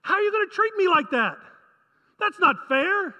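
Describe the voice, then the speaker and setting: A man's voice: very high-pitched, sing-song, normal speed, sharp tone, long reverb tail, voice pushed up, heavily acted. A preacher voicing an irritated God who scolds his people with pleading questions. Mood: exasperated.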